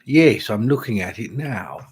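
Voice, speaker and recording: A British man hosts a live tarot-reading stream, chatting casually with a dry, self-mocking sense of humour. His voice is fairly low and sing-song, and he speaks at a measured pace. There's a little hiss or hum in the recording.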